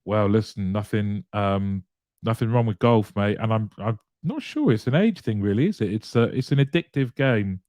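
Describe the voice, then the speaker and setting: Chatty male host with a low, dry voice. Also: animated, moderate pace, darkish tone, no echo. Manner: chatty, greets viewers one by one, laughs lightly. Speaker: live show host. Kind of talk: casual live-stream chat, reading viewer comments aloud.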